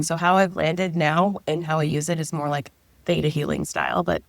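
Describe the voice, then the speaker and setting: A woman's voice: sits low, little pitch movement, fairly quick, no echo. A middle-aged woman, a guest, telling a personal story in a casual, chatty way, often saying 'like' and voicing her own past thoughts aloud.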